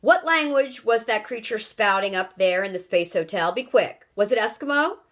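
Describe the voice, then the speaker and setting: A woman's voice: animated, normal speed, lightly acted. A woman voicing a panicky, whiny male president who calls for his nanny. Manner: shrill, childish, loud.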